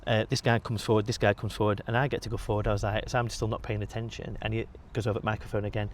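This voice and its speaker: Fast-talking bodybuilder telling stories. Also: male voice, on the low side, a little hiss or hum. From England. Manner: swears freely, animated storytelling. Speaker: podcast guest, bodybuilder. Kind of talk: casual storytelling.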